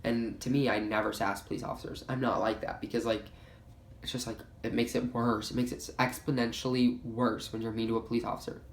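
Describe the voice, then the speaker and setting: A man's voice: medium pitch, flat delivery, brisk. A young man in his late teens telling a casual storytime vlog, rambling and saying "like" constantly. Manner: rambling, heavy use of "like". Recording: echoey room.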